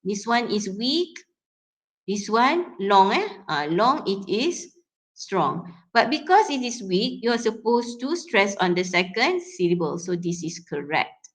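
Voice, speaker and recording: A woman's voice: mid-range voice, big pitch swings, a little slow. A young woman with a Malaysian English accent giving a classroom lecture on word stress. She talks through examples step by step, with frequent fillers and self-corrections.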